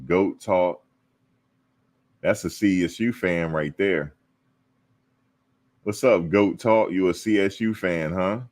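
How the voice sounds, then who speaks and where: A man's voice: sits low, slow pace, long pauses. A man hosting a casual live-stream talk show, teasing and answering his viewers. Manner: animated, teasing, talks to viewers and chat. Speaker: show host.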